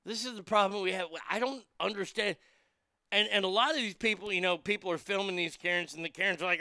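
Bright, gravelly man ranting angrily. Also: high-pitched, quick pace, no room sound. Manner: profane, heated, swearing often. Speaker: host. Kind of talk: angry commentary rant.

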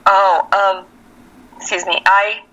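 A woman from Texas with a Californian accent, an actress speaking candidly as an interview guest and telling animated, reflective stories with easy laughter. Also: medium pitch, takes it slowly, lo-fi sound. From El Paso, Texas. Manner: animated, reflective storyteller who laughs easily.

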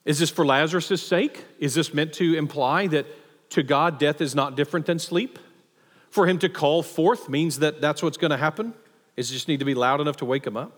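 A male pastor with a fairly high voice gives a conversational, animated sermon. His words ring out with the long reverb of a church hall. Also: a little fast.

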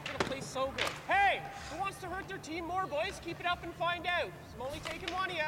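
A brash young hockey player who hurls crude insults in a very high, cocky voice. The clip is buried under loud background noise. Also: male voice, fast. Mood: taunting. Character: foul-mouthed young male hockey player, trash-talking.

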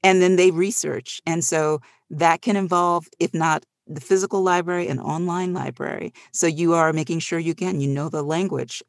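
Lively middle-aged audiobook narrator, dry sound. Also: medium pitch, normal speed, hardly any pauses, no echo. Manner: animated storyteller with frequent laughs. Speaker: audiobook narrator, panel guest. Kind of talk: casual panel chat.

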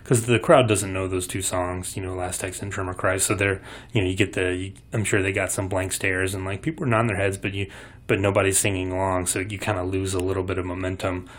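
A man co-hosting a podcast in relaxed, conversational chat. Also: low-pitched, fast. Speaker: podcast co-host. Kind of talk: casual chat.

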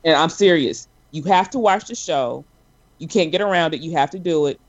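A man co-hosting a casual chat about a TV show, animated and emphatic. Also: moderate pace, dry recording, muffled recording. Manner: animated, acts out sobbing at a high pitch. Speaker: podcast co-host.

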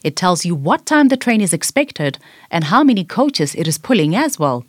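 A woman voicing a patient big sister who explains things to her little brother in a gently bossy way. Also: on the low side, sing-song, moderate pace, no echo, studio quality. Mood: explaining.

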